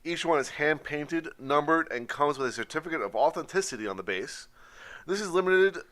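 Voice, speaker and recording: A man's voice: a little high, animated, a little fast, fairly bright tone. A man co-hosting a music podcast, chatting casually and reading out news items. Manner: reads news items aloud, laughs easily. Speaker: podcast co-host. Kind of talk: casual chat.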